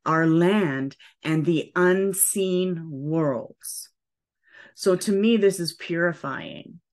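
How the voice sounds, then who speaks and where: A woman leading a spiritual cacao ceremony at home, speaking gently and soothingly, often checking in with "okay". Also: lowish voice. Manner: slow, gentle, soothing guidance with frequent "okay". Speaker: ceremony leader.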